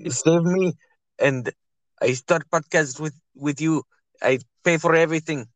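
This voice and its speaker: A desperate male fighter pleads in broken English with a heavy, clumsy foreign accent, as a man puts on a deliberately bad impression. The voice is pitched a few steps above his usual talk and has a dry, close sound. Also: no room sound, lightly acted. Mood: pleading.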